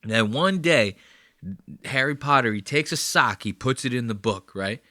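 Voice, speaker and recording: A man's voice: mid-range voice, expressive, normal speed, bright, forceful tone, dry recording. A man hosting a podcast, riffing crude and profane comedic commentary in a rambling, conversational way on a close mic. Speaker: podcast host.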